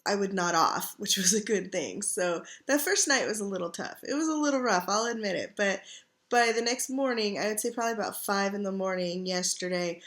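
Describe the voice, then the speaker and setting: A woman's voice: medium pitch, lively intonation, fairly quick, fairly bright tone. A middle-aged woman chatting casually from her couch at home, sore and tired while recovering from surgery, rambling with lots of fillers. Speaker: vlogger. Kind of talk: casual chat.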